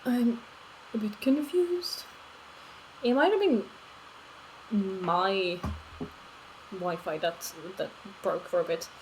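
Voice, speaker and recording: A woman streamer chats casually with her viewers, giggling often between remarks. Her voice is mid-pitched and relaxed, with a faint background hiss. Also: takes it slowly, long pauses, low-quality recording. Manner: giggly, chatty, talks to chat. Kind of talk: casual live-stream chat while playing a game.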